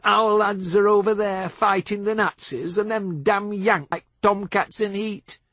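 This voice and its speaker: A man voicing a resentful male pub local who grumbles loudly and scornfully. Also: high voice, fairly even intonation, unhurried, dry recording, pitched above the performer's own voice.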